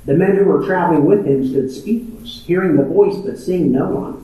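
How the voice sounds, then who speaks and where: A man's voice: fairly high pitch, normal speed, dark tone. Guy preaching, repeats stuff for emphasis, big echo, mic kinda far. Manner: emphatic, repeats phrases for stress. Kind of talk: sermon. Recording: very echoey room, distant mic.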